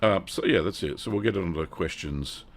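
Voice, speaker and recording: This Australian man in his fifties runs a cheese-making livestream, his low-pitched voice brisk and carrying some vocal fry. He chats casually and rambles in a relaxed manner, greeting viewers in the chat by name, over a little hiss or hum.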